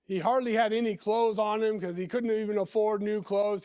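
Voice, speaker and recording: A man preaching a sermon in a church. He reads scripture and talks deliberately, stretching words and putting questions to the listeners. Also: sits high, little pitch movement, darkish tone, clean tone.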